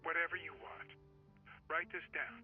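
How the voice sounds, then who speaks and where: A man's voice: a little high, normal speed, lightly acted. A man playing pushy colleague on a tinny phone. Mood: urgent. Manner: urgent, coaxing. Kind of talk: video game voice acting. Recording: tinny phone line over game music.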